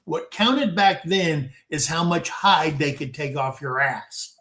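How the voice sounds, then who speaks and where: With a somewhat bright, higher-than-average voice, a man in his sixties from the United States slowly shares a memory from his youth. He's the host of an informal panel chat on a video call, speaking folksily and addressing listeners as "guys" again and again, in an echoey, roomy space.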